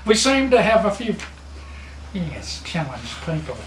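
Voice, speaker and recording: Sarcastic Australian man, high voice. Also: sing-song, measured pace, echoey room, crowd noise. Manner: sarcastic, mocking, lecturing. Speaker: mock instructor. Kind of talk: satirical comedy lecture.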